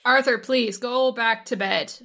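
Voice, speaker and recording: High bright-voiced woman player. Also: measured pace. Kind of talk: casual tabletop play.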